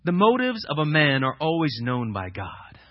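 Preacher, male; husky, lively delivery with sharp drops to a hush; dull lo-fi church recording. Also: a little high, moderate pace. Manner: dramatic preaching, swings between loud emphatic questions and hushed reading. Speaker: pastor. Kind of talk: sermon.

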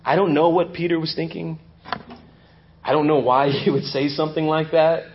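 A male pastor preaching a sermon, swinging between loud emphasis and hushed intensity. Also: on the high side, steady tone, normal speed, highs cut off, a little hiss or hum. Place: church.

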